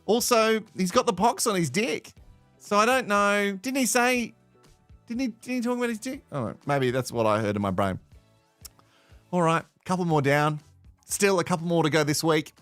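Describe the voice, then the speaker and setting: A man's voice: high-pitched, very animated, normal speed, a bit bright, no echo, faint music behind. An Australian man hosting a live watch-along, sarcastic and swearing with bursts of laughter. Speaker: host reacting to a reality show.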